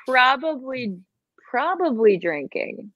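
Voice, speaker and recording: A woman's voice: high voice, sing-song, slow pace, fairly bright tone, slight background noise. A young woman from Georgia, chatting and laughing often as a guest in a casual podcast interview, full of filler words. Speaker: guest musician. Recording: slightly dull lo-fi, dry.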